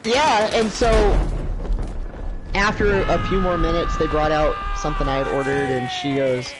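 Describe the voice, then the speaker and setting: Over loud music and noisy gameplay with video game gunfire, a man with a slightly high voice speaks at normal speed. He's a livestream co-host telling a long travel story in casual chat, animatedly voicing the people involved.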